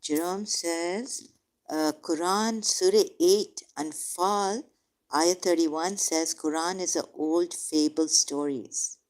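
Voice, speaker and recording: A debate participant speaks slowly in a warm, low voice, lingering on each word. She insists on her view in a heated religious argument, reading verses aloud and correcting her opponent again and again.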